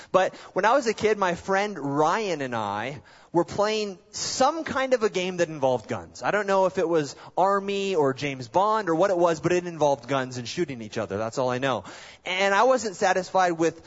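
A male pastor preaching a sermon, telling stories in an animated way with self-deprecating humor. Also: a little high. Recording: dull lo-fi sound.

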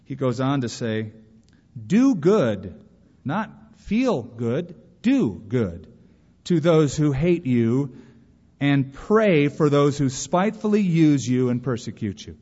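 A male pastor preaching a sermon, animated, acting out quotes with sudden bursts of energy. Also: medium pitch, a little slow. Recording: muffled recording in a reverberant hall.

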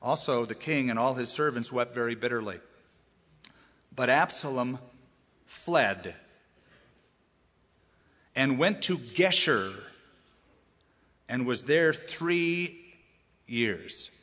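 A man preaching a sermon as pastor, animated and acting out the voices of the people he quotes. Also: medium pitch, takes it slowly, long pauses, big-room sound. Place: church sanctuary.

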